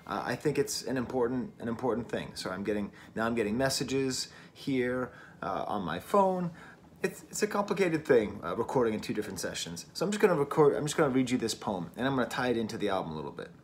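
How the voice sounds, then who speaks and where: A man's voice: mid-range voice, big pitch swings, quick pace, slight background noise. A man from New England giving a casual, wry album review at home, often laughing at himself. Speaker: record reviewer. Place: at home, early morning. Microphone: camera mic.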